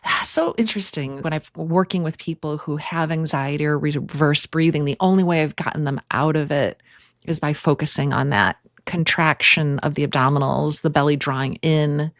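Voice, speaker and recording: A woman's voice: deep voice, steady tone, moderate pace, dry recording, clean studio sound. A woman hosting a yoga podcast, explaining breath and throat anatomy step by step in a casual, teacherly way. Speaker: yoga therapist podcast host.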